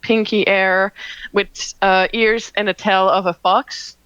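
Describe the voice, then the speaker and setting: Woman game master, halting and filler-heavy, dry close sound. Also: mid-range voice, flat delivery, fairly bright tone, clear, resonant tone, dry recording, dull audio. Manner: hesitant with many fillers and restarts, slow when describing. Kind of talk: narrating a tabletop game.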